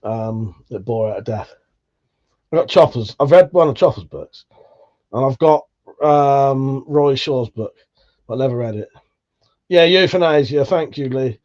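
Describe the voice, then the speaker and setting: A man's voice: medium pitch, lively intonation, a little slow, long pauses, darkish tone, highs cut off. A British man hosting a casual livestream, chatting and reading out viewer comments in a laid-back, swearing, chuckling way. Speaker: livestream host.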